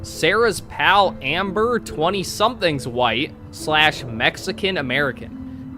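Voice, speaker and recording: A man's voice: a little high, takes it slowly, pushed and bright, soft background music. A man live-streaming, casually reading online posts aloud to his chat and breaking off with sarcastic asides.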